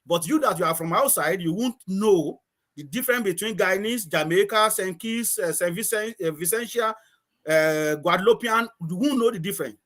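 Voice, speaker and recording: Guest, male, from Nigeria, high voice, rambling storyteller who restarts sentences and laughs a lot. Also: a bit bright. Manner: halting, repeats words, laughs often. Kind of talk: casual storytelling conversation.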